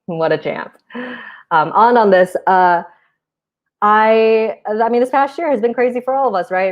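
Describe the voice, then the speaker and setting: A woman in her twenties doing a stand-up set for a virtual show, with a deadpan, self-mocking delivery. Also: medium pitch. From United States. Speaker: stand-up comic. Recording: muffled lo-fi video call audio.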